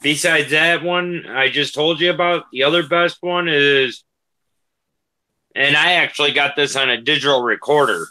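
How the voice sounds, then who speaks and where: Man with a bright voice, plain ghost tales. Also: a little high, normal speed. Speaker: paranormal investigator. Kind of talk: casual chat on a livestream.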